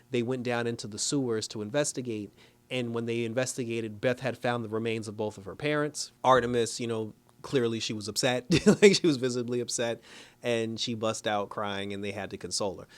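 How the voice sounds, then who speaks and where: A young man giving a casual, animated review of a TV episode, retelling scenes by quoting the characters and laughing often. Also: medium pitch, fairly quick, clean tone. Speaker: TV show reviewer. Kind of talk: casual spoken recap and review.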